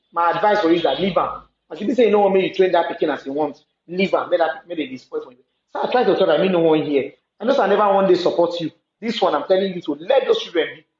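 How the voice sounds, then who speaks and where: A woman's voice: low-pitched, darkish tone, a little hiss or hum. A Nigerian woman tells a long story in a casual monologue, emphatic and full of repetitions. Her voice bounces around a roomy, echoey space, and the sound is a little dull, with faint ambience behind her. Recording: echoey, slightly dull room recording.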